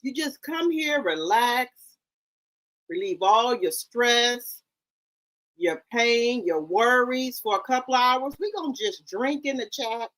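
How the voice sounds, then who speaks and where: A woman's voice: fairly high pitch, expressive, slow pace, a bit bright. A woman hosting a casual livestream, chatting straight to her viewers in the chat. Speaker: livestream host. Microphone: headset or desk microphone.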